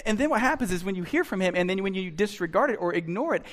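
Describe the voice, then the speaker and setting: A man preaching a sermon as pastor, acting out imagined voices and swinging between soft asides and loud, emphatic lines. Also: sits high, animated, fast talker.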